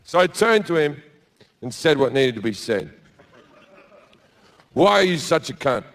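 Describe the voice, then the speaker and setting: Brash, profane Australian stand-up comic. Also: male voice, fairly high pitch, big pitch swings, measured pace, fairly bright tone, slight background noise. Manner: brash, profane, acts out every character in the story. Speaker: stand-up comedian. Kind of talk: stand-up storytelling.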